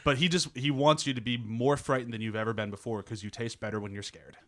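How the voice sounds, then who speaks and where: A man co-hosting a podcast, giving animated, opinionated takes on a film. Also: mid-range voice, quick pace, crowd noise. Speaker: podcast host. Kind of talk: casual movie discussion.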